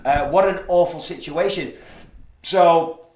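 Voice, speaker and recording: A man's voice: a little high, slow pace, a little mellow, reverberant, slight background noise. A man hosting a podcast, chatting casually, joking and swearing a lot. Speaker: podcast host. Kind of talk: casual chat. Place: studio room with lighting setup.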